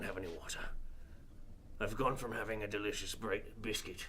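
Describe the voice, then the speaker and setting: A man's voice: lowish voice, normal speed, a crowd in the background. A man playing his character in a tabletop game, indignant, haughty and demanding. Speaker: player. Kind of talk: in-character tabletop role-play.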